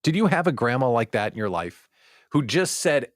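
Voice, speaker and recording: A male host of a daily livestream talk show who speaks in an animated, joking way. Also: medium pitch, normal speed, no echo, clean studio sound.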